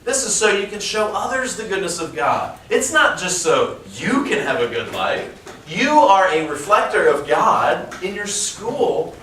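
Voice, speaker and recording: Pastor preaching in an echoey church. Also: male voice, high-pitched, sing-song, a bit bright, far from the mic. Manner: emphatic, slows down on key phrases; conversational, jokes with the congregation. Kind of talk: sermon. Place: large church auditorium. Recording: echoey church hall, faint room noise.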